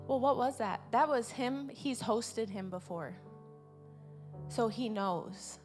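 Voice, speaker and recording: A woman preaching an informal sermon at a church service, earnest and repeating her key words, swelling louder on her main points. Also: a little high, slow pace, faint music behind.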